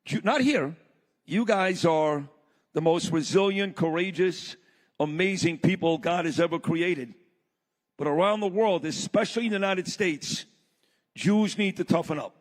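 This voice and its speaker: A man's voice: high-pitched, unhurried. Impassioned man in a big hall. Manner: blunt, impassioned, storytelling. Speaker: summit speaker. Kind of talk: fiery speech to a live audience. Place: large hall. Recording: long reverb of a large hall.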